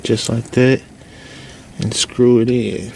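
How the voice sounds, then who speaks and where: A man's voice: medium pitch, slow, creaky. A man casually explaining a car oil change step by step, slightly out of breath, recorded outdoors under a car on a windy day. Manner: relaxed, plain-spoken, instructive. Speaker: DIY car vlogger. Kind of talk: casual how-to narration. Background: wind and outdoor noise.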